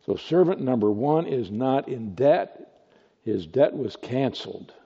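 A male pastor gives a deliberate, unhurried sermon and asks his listeners rhetorical questions as he teaches. His voice is warm and somewhat husky. The recording sounds dull and lo-fi, with a long reverb trailing through a large hall. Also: medium pitch, expressive. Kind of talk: expository sermon.

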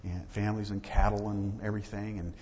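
A man's voice: lowish voice, level tone, a little fast, mellow, slight background noise. A man preaching a sermon as pastor, talking conversationally and acting out little dialogues. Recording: dull lo-fi audio with long hall reverb.

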